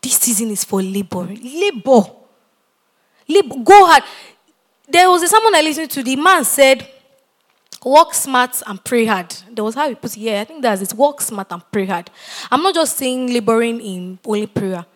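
A woman preaching a sermon, repeating key phrases and building from quiet prayer to loud, impassioned exhortation. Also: fairly high pitch, lively intonation, moderate pace.

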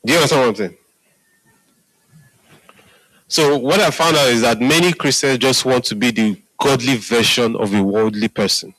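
A man's voice: medium pitch, fairly quick, fairly bright tone, no room sound, low-quality recording. A man preaching a sermon in a conversational way, often asking his listeners if they are following. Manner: conversational, repeats "Hallelujah" and "are we together?" to the audience.

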